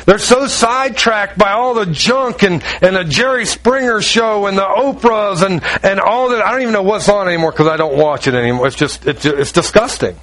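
Man, pastor, sermon, high-pitched, high-strung, animated storytelling. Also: normal speed, few pauses, low-quality recording.

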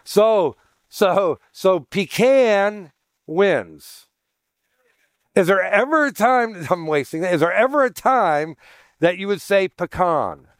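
A pastor in a sermon, teaching in a chatty way, with joking asides and questions for the congregation. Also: male voice, high-pitched, expressive, slow, no room sound, clean studio sound. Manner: chatty, jokey asides, asks the room questions.

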